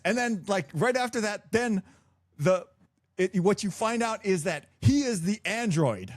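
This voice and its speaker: A middle-aged father in casual podcast chat, ranting and laughing through halting restarts. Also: high-pitched, lively intonation, no room sound.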